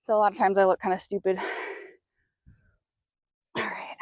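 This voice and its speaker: A woman's voice: medium pitch, flat delivery, normal speed, pauses often, a little mellow. A woman horse trainer talking through a training session on a clip-on mic, chatting to viewers and cooing praise to her horse. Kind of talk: mic'd-up training commentary. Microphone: clip-on mic while working a horse.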